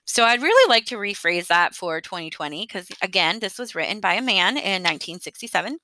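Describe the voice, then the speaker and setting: A woman's voice: medium pitch, animated, a little fast, sharp tone, dry recording. A woman in her thirties hosting a podcast alone, talking in a chatty, earnest way and laughing lightly now and then. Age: 30s. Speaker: podcast host. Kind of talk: casual solo podcast monologue.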